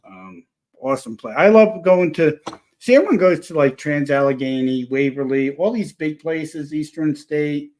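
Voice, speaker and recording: A man telling a story in a casual chat, rambling and animated, full of restarts. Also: fairly high pitch, moderate pace, a little hiss or hum. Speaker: paranormal investigator guest.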